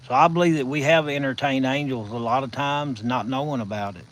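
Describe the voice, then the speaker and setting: A man with a Southern US accent hosting a casual live stream from his phone, telling stories in a folksy, drawn-out way. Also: mid-range voice, rough recording. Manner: folksy, drawn-out storytelling with chuckles.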